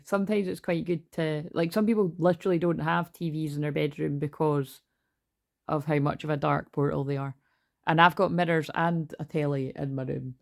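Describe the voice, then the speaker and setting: A woman's voice: low voice, vocal fry. A woman in her forties, rambling and swearing casually in a chatty spiritual talk from her bedroom. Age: 40s. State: tearful at moments. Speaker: tarot reader.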